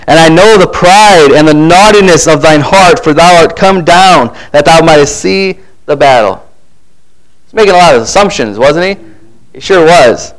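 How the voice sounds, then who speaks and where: A man preaching a sermon who reads scripture aloud and acts out the figures in lively asides, often repeating words and restarting. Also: on the high side, moderate pace, poor audio.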